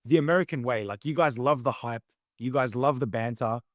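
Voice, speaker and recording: A man's voice: mid-range voice, a little fast, dry recording. Aussie guy chatting on a podcast, hyped and rambly, dry close mic. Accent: Australian. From Australia. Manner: enthusiastic, loose storytelling with many fillers. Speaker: guest, competitive eater. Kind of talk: casual interview chat.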